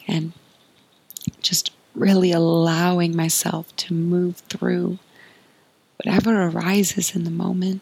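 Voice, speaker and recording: A woman hosting a podcast, giving a soft, earnest spiritual monologue in a breathy, often whispered voice. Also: on the low side, level tone, takes it slowly, no room sound, rough recording. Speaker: podcast host.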